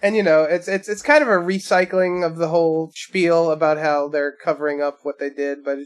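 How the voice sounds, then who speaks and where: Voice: mid-range voice, steady tone, a little fast, clear, resonant tone. A co-host in casual movie chat who laughs often while recapping scenes. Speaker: podcast co-host.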